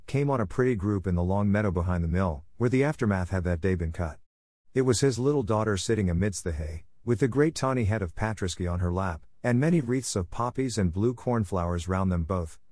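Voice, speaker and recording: Low-voiced man reading a storybook. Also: darkish tone, no room sound, studio quality. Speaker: narrator. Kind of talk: scripted audiobook narration.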